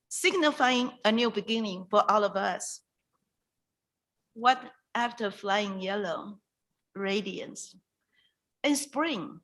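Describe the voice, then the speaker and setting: A woman hosting a virtual reading night, introducing a poet in an emotional, halting way over a video call. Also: a little high, a bit bright, rough recording. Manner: emotional, halting, with restarts and pauses. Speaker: event host introducing a poet.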